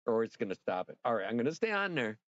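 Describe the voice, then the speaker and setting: A man hosting a casual livestream, rambling and excitable, swearing freely and talking straight to his viewers. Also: medium pitch, fast talker, dry recording, dull audio. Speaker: livestream host.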